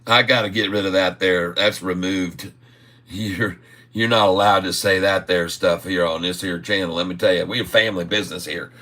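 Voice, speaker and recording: A man's voice: low voice, steady tone, normal speed, bright, forceful tone, voice pushed down. A man putting on a rowdy, folksy redneck character with a Southern accent, laughing between lines. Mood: boisterous. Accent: American Southern, put on.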